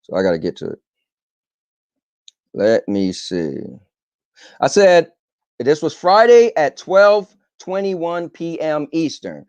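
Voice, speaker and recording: A man's voice: fairly high pitch, slow pace, long pauses, no room sound. A man hosting a podcast, telling a long story casually with lots of ums. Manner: rambling, animated retelling with filler ums. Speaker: podcast host.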